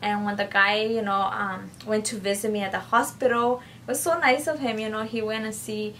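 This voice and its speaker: A woman's voice: mid-range voice, steady tone, a little fast, a bit bright, distant mic. A woman vlogger telling a personal story in a chatty, casual way, addressing viewers as "guys" and filling her speech with "like" and "you know.". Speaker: YouTuber. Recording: voice a bit off-mic, faint background noise.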